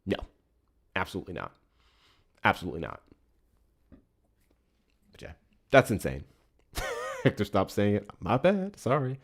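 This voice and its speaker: A low-pitched man holds forth as a livestream host. His delivery is lively and full of swings, and he slips into profane, heated ranting as he comments. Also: moderate pace, pauses often, slight background noise. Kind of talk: casual political commentary.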